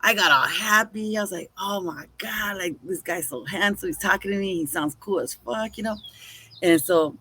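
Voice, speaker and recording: As co-host of a podcast, a woman narrates a story in casual chat, playing out both sides of the dialogue and swearing casually in an animated way. Her voice is medium-pitched at a moderate pace, with slight background noise.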